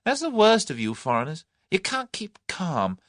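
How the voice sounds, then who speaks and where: Man voicing a brash young Englishman, raised voice, taunting, lively swings, dry close audiobook sound. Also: sits high, normal speed, no room sound, voice pushed up, exaggerated voice. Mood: cocky. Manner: cocky, taunting. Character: brash young Englishman bluffing his captors.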